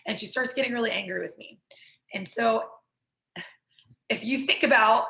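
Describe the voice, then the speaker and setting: A woman's voice: a little high, creaky, pushed and bright, reverberant, low-quality recording. A woman instructor teaching a workshop in a conversational way, walking through an example and often checking in with the listener.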